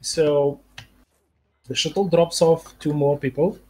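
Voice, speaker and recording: A man narrating as game master of a tabletop game over voice chat, halting with many fillers. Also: a little high, steady tone, darkish tone, a little hiss or hum.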